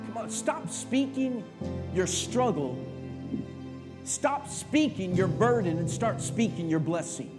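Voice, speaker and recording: A middle-aged male pastor preaching a sermon, swinging from quiet talk to shouted, impassioned passages. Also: high-pitched, expressive, slow pace, music in the background.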